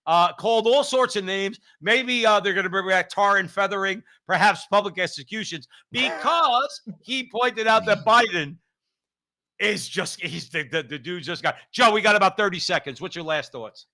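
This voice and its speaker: A man's voice: high-pitched, moderate pace, pushed and bright. A man co-hosting a talk show, opinionated and emphatic, often repeating his points. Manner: emphatic, repetitive, preachy. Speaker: co-host.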